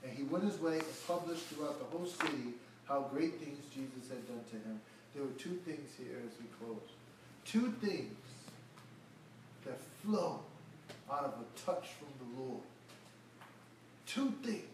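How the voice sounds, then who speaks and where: Expressive and unhurried, a medium-pitched male voice works through an expository sermon, playing Bible characters in everyday casual language. He's a pastor heard from far off the mic in an echoey room, with a little hiss or hum.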